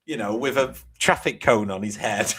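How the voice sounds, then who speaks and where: A man's voice: fairly low pitch, normal speed, fairly bright tone, slightly rough. An English man co-hosting a casual podcast chat over a remote call, laughing often and swearing casually. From England. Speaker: co-host.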